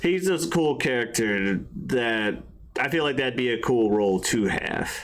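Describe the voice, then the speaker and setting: A man's voice: medium pitch, lively intonation, a little slow. A man in casual podcast chat, laid-back, laughing often and swearing. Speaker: podcast guest.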